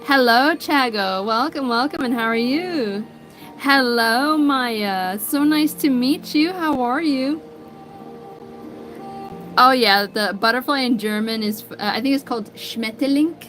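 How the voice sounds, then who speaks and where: A fairly high, fairly bright voice at a measured pace belongs to an American art livestream host. With music in the background, she reads viewers' comments and greets them by name in a relaxed, friendly way.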